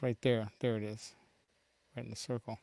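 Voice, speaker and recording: A man's voice: lowish voice, little pitch movement, moderate pace, gravelly, dark tone, no room sound. A middle-aged man hosting a casual livestream from his home studio, rambling with a lot of fillers and chuckles. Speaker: show host.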